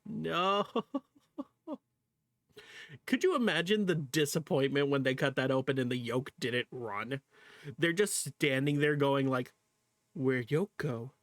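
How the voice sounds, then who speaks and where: A man's voice: medium pitch, a little slow, long pauses, a bit bright, dry recording, studio quality. A male streamer chatting casually to viewers while reacting to a video, laughing often, swearing freely and exclaiming at what he sees. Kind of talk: casual livestream reaction chat.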